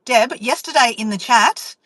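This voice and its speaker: A woman's voice: on the high side, normal speed, no room sound, rough recording. Chatty woman telling a story, dry sound. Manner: chatty, animated, acts out inner voices. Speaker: vlogger. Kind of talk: casual storytelling to a live chat.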